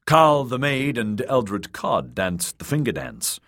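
A man narrating an audiobook with expressive storytelling. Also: medium pitch, slow. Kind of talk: scripted narration.

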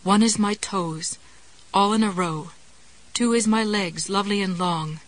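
A woman's voice: medium pitch, a little slow, lightly acted, rough recording. A woman reading an audiobook, voicing a frightened grown woman who speaks meekly in a trembling, childish way. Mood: chanting.

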